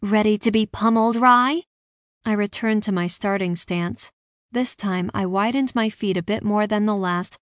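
A woman reading a first-person fantasy story aloud with steady, expressive narration. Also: mid-range voice, dry recording, clean studio sound.

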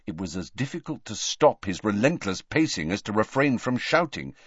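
Male audiobook narrator, lively dramatic storytelling, dry and slightly dull recording. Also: on the low side, moderate pace, dry recording. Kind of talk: scripted narration.

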